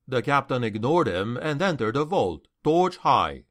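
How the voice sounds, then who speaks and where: A man reading a fantasy novel aloud as an audiobook narrator, with expressive storytelling. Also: medium pitch, a little slow, hardly any pauses.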